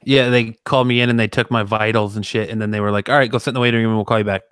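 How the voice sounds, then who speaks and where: A man co-hosting a podcast, chiming in with quick jokes and reading out the chat. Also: fairly low pitch, fairly even intonation, a bit bright, smooth. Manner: wisecracking interjections, reads chat. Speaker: podcast co-host. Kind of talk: casual chat.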